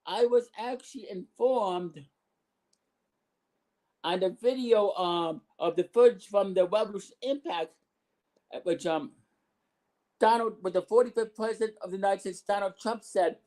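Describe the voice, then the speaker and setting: A man recapping a wrestling show as its commentator, rambling with restarts and bursts of excitement. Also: sits high, normal speed, long pauses, poor audio.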